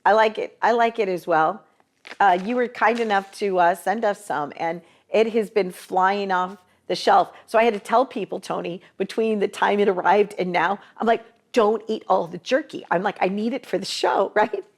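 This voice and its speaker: A woman's voice: mid-range voice, fairly even intonation, normal speed. A woman hosting a talk show, chatting casually with guests and laughing often. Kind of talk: casual interview chat.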